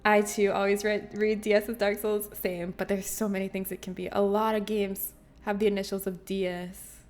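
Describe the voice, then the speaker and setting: A woman's voice: medium pitch, level tone, moderate pace, darkish tone. A woman game streamer chatting casually and playfully with her viewers, often giggling. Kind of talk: casual livestream chat with viewers.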